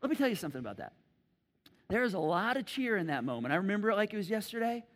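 Middle-aged male pastor, high voice, animated storyteller, long church-hall reverb. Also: rapid-fire. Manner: animated, acts out stories with loud shouts and sound effects. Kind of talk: sermon.

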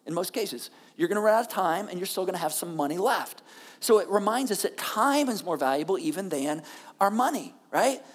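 A woman's voice: fairly low pitch, expressive, a little fast, husky, long reverb tail. A woman pastor preaching a sermon on a church stage, talking in a conversational way with frequent check-ins to the listeners.

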